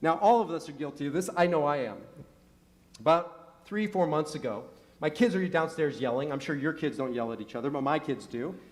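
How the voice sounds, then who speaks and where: A man's voice: on the high side, lively intonation, a little fast. A middle-aged man, a rabbi, preaching a sermon in a synagogue, telling stories and asking rhetorical questions with rising emphasis. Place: synagogue sanctuary.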